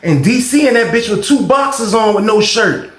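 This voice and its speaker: A man voicing an excitable cellmate from New York with a New York accent, gossiping animatedly. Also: high voice, moderate pace, roomy sound, voice pushed up. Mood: excited gossip.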